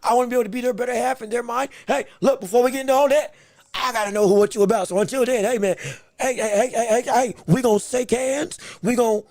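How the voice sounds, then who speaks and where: A man's voice: very high-pitched, fast, darkish tone, dry recording, clean studio sound. A man hosting a podcast, giving emphatic live fight commentary with repeated phrases and joking banter with the chat. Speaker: podcast host.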